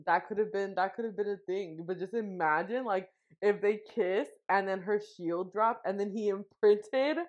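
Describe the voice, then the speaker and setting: In a slightly mellow, mid-range voice, a young female podcast co-host talks at a moderate pace with few pauses. Her casual, rambling chat has many fillers and restarts, and the audio is muffled and lo-fi.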